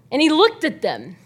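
A woman with a slightly high voice leads a casual Bible lesson. She talks to her listeners like friends, keeps asking them to picture the scene, and tags her points with "right?". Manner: conversational, asks listeners to imagine, frequent "right?". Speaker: Bible teacher.

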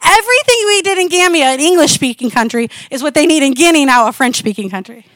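Lady in her 40s sharing a missionary testimony, high voice, dry close sound, chatty storyteller. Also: quick pace, no room sound. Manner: animated storytelling, conversational. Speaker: missionary speaker. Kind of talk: testimony sermon.

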